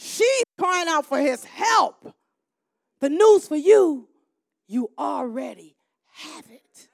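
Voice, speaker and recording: Woman minister, middle-aged, high and bright, preaching with shouted builds; dry close sound. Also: expressive, slow pace, gravelly, dry recording. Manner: preaching with rising shouts and call-and-response. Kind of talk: sermon.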